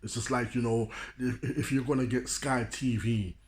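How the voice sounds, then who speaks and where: A man's voice: mid-range voice, steady tone, normal speed. A man from London with a London accent, giving a preachy motivational talk and repeating "you know what I'm saying". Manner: addresses listeners like a preacher. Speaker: street speaker.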